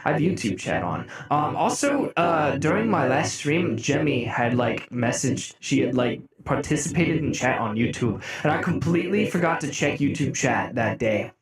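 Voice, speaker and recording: Laughing, animated young male streamer. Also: medium pitch, normal speed, hardly any pauses. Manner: animated, laughing, breaks into mock-outraged shouts. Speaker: music streamer. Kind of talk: casual live-stream chat. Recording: roomy echo.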